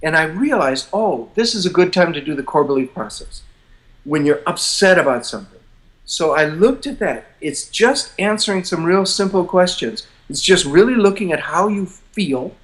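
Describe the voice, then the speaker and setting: An older American man talks as a guest in a casual interview, his voice sitting somewhat high for a man. He tells his story with a self-deprecating chuckle and slips into voicing his own inner thoughts. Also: expressive, normal speed, fairly bright tone.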